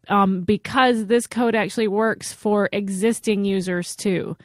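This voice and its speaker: A woman's voice: medium pitch, fairly even intonation, measured pace, hardly any pauses, dry recording. A woman co-hosting a comedy podcast, teasing the host with dry sarcasm and reading a sponsor spot. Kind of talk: casual comedy banter and ad read. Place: podcast studio.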